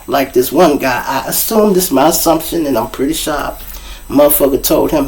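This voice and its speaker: A man's voice: a little high, normal speed, low-quality recording. A man with a Chicago accent, hosting his show and telling profane comic stories, acting out the other people's voices. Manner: profane, animated, acts out voices. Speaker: show host. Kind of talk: comic storytelling.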